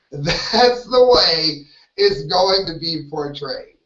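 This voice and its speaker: A man's voice: fairly high pitch, expressive, drawn-out words, a bit bright. Opinionated male host, solo live show, dull distant lo-fi sound. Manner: rambling, opinionated, self-interrupting. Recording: roomy, distant, dull lo-fi audio.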